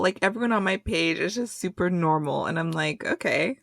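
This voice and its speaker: A woman's voice: lowish voice, lively intonation, a little fast, vocal fry, hardly any pauses, a bit bright, no echo. A young woman co-hosting a podcast, chatting casually with lots of fillers and bursts of indignation. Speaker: podcast co-host. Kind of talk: casual chat.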